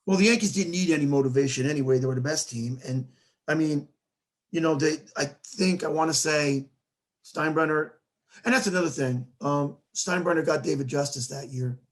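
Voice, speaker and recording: A man hosting a casual sports talk show, telling stories in an animated way and acting out quoted dialogue. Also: a little high, moderate pace. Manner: animated storyteller who acts out quoted dialogue.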